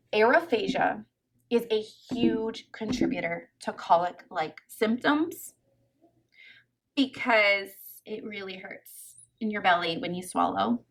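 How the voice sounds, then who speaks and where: A woman's voice: a little high, vocal fry, breathy edge. A woman lactation consultant, giving emphatic, fired-up commentary in a folksy way. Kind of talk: opinionated commentary to camera.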